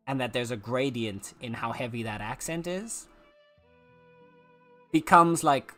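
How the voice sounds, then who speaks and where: A man's voice: mid-range voice, fairly bright tone. A man with a South African accent chatting casually as a streamer while he plays, rambling through his points with lots of filler words and restarts. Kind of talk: casual opinion chat while gaming.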